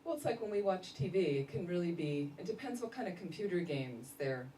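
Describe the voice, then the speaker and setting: A woman, a Buddhist nun, giving a casual dharma talk full of lively stories and laughter. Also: lowish voice, brisk. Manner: animated storytelling, laughing often. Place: meditation center hall. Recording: roomy echo, distant mic, faint noise.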